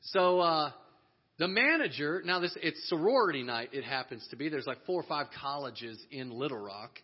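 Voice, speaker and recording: Husky-voiced man telling a lively story. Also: a little high, normal speed. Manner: animated, laughs often, acts out the people he quotes. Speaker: speaker telling a story to a church audience. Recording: dull lo-fi audio.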